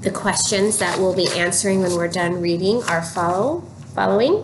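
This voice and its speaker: A woman teaching an early reading lesson, giving slow, clear prompts and repeating cues for children to read aloud. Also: fairly low pitch. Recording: noticeable background noise.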